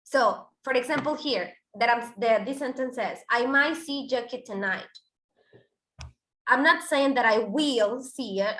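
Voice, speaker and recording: Teaching English in a room with noticeable echo, this woman speaks in a bright, somewhat high voice. She often restarts her sentences, leans on fillers, and occasionally switches to Spanish as she explains.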